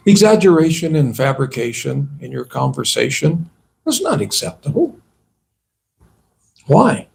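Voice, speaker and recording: A man's voice: a little high, creaky, darkish tone. A man, a monk, giving a conversational sermon at a temple and asking his listeners rhetorical questions. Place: temple hall.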